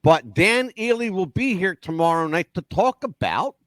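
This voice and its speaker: A man hosting a casual talk-radio show, telling stories with animated, crude and profane patter. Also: sits high, moderate pace, no echo. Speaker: radio host.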